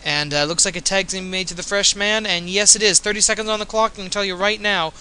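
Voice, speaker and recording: A man's voice: high-pitched, fairly even intonation, fast, pushed and bright, clean tone, rough recording. A man giving casual, jokey play-by-play commentary in an offhand, chatty way, a bit tipsy.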